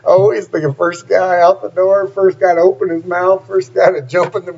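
A man's voice: high-pitched, little pitch movement, moderate pace, creaky, darkish tone, a little hiss or hum. A man preaching a sermon, reading scripture aloud and stopping often to add plain, emphatic comments. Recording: dull lo-fi recording.

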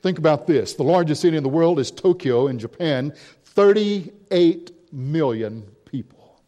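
Male missionary preacher, mellow voice, big echoey church hall, punchy emphasis. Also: on the high side, lively intonation, a little slow, lo-fi sound. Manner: storytelling with statistics, rising emphasis. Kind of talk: sermon.

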